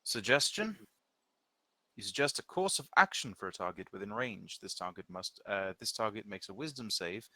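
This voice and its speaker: A man's voice: on the low side, lively intonation, normal speed, sharp tone, dry recording. A man playing in a tabletop game, thinking aloud as he reads spell rules and weighs his options. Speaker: player. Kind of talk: casual tabletop game chat.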